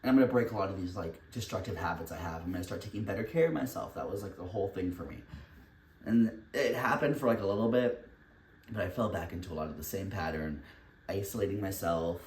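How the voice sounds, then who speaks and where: A deep-voiced, fast-talking young man, a little mellow in tone, vlogs while baking in his home kitchen. He rambles candidly, laughs frequently and swears casually. The indoor audio carries slight background noise, room echo and a distant-mic sound.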